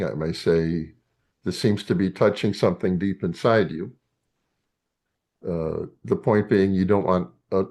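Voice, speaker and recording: Very deep-voiced older male lecturer. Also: darkish tone. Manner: halting, many fillers and restarts. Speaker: psychologist teaching a class. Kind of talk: classroom lecture.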